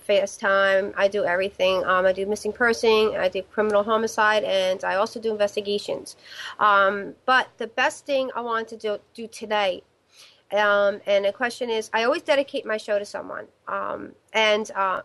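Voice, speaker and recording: A woman's voice: mid-range voice, fairly bright tone. A woman hosting a live call-in psychic show, talking in a rambling way with many fillers and restarts. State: stiff neck. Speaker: psychic medium show host.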